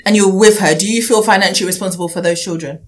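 A woman's voice: mid-range voice, very fast, slight background noise. A woman hosting a casual panel chat, asking teasing, probing questions. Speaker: host.

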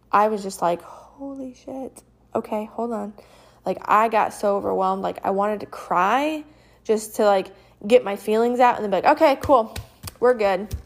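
Rambling woman hosting a podcast. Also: medium pitch. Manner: rambling, frequent fillers, reassuring. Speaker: podcast host. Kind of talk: casual solo podcast talk.

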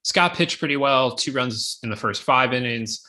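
A man co-hosting a podcast, talking casually with quick asides. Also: medium pitch, pushed and bright. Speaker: podcast co-host. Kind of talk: casual sports chat.

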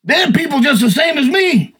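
An older man telling Bible stories in a folksy, animated, casual chat as a podcast co-host. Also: very high voice, normal speed, raised voice. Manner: folksy, animated, acts out voices.

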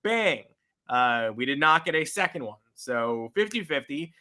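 A man hosts a casual baseball podcast with a bright, fairly high voice. He talks loosely, jokes around and fills gaps with plenty of "uh"s. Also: sing-song, unhurried. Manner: chatty, loose, joking, many fillers. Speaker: podcast host.

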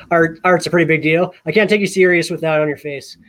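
A man co-hosting a casual podcast, telling a story in an animated way with many repeated words. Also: on the high side, normal speed. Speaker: podcast co-host.

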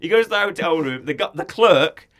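A man's voice: a little high, expressive, a little fast, fairly bright tone. A man casually chatting as a podcast co-host, laughing often and acting out film quotes. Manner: laughs often, acts out quotes in a put-on accent. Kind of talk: casual chat, retelling film scenes.

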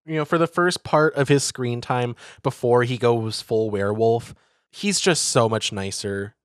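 Casual male talker, animated riffing, dry close sound, mid pitch. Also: no echo. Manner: animated, riffing with quick put-on voices. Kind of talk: casual podcast chat.

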